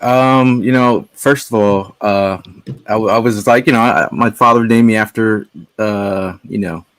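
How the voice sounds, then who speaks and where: Low-voiced man telling rambling stories. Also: fairly bright tone, no echo. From Connecticut. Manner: rambling, halting storyteller with many restarts. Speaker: podcast guest. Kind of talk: casual podcast chat.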